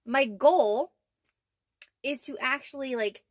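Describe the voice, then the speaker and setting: A young woman with a high, light voice chats through a casual vlog update, rambling with plenty of fillers and little laughs. The sound is close and dry, with no room echo. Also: slow pace. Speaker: vlogger. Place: inside her camper van.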